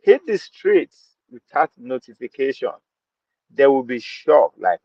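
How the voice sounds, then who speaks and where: A man's voice: mid-range voice, big pitch swings, unhurried, no room sound. Emphatic Nigerian man on a dry lo-fi mic. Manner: emphatic, mixes in Pidgin, repeats phrases. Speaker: podcast host. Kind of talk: opinionated commentary. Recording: dull lo-fi dry sound.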